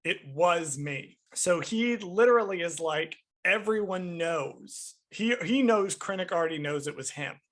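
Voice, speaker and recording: A podcast co-host with a high voice reviews a film in casual, animated chat, speaking emphatically and swearing freely. He talks at a moderate pace with few pauses.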